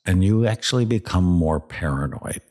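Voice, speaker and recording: A man who is a psychiatrist hosting a podcast interview, talking in an earnest, reflective, measured way. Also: low voice, animated, darkish tone.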